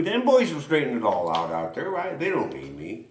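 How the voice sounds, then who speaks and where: A man's voice: medium pitch, huge pitch swings, moderate pace, few pauses. Rambling folksy man in an echoey room. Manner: rambling, chuckling, folksy storyteller. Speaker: host of a racing history show.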